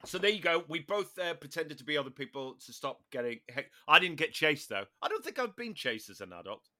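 A man's voice: a little high, very animated, fairly quick, sharp tone. A man with a Northern Irish accent hosting a podcast, chatting casually with dry, joking asides. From Northern Ireland. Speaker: podcast host. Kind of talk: casual comedic chat.

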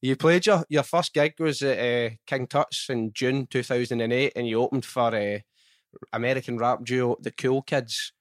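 A man hosts a relaxed interview and asks long, meandering questions with a friendly informality. His voice sits at an ordinary middle pitch. It is recorded dry and close, with no room sound. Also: moderate pace, no echo. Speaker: podcast host. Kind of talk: conversational interviewing.

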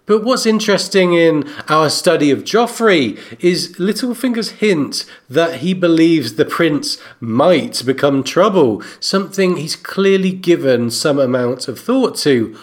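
A man co-hosting a book discussion podcast, narrating and analyzing in a steady way. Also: fairly high pitch. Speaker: co-host.

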